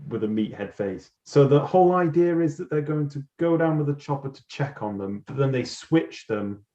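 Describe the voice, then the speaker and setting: A man's voice: on the high side, moderate pace. A man co-hosting a podcast, swearing freely while telling a film plot. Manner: swears freely, animated storytelling. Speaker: podcast co-host. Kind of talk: casual chat. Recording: dull roomy recording.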